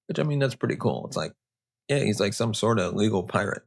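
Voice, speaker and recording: A man's voice: fairly low pitch, expressive, a little fast, creaky. A man hosting a history podcast, telling the story casually with sarcastic, joking asides. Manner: casual, sarcastic, riffing off-script. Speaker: podcast host.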